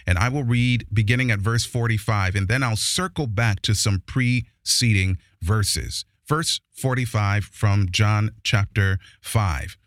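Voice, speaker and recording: Guy preaching a sermon, mid pitch, dry close sound, slows way down for verses then pushes hard. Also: no echo. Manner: reads scripture slowly and with emphasis, then expounds forcefully.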